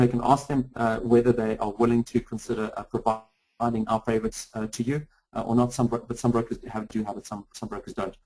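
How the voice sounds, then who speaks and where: A man walks through charts in a live trading webinar, talking fast and stumbling through restarts and fillers. His voice sits at an ordinary middle pitch. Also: darkish tone, low-quality recording. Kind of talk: live webinar screen-share walkthrough.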